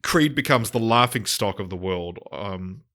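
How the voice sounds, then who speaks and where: A man with a New Zealand accent co-hosting a podcast, reciting a made-up plot in a dry, deadpan way. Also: fairly low pitch, a little slow. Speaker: podcast co-host. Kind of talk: casual chat, reading out a made-up plot.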